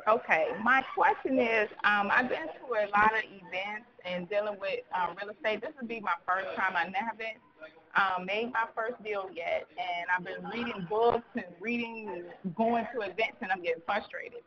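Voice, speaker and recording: A woman from Detroit calls in and asks her question in an earnest, exasperated way. Her voice comes through a muffled, dull line. Clear crowd chatter can be heard behind her. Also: mid-range voice, normal speed. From Detroit, Michigan. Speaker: caller. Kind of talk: phone-in question.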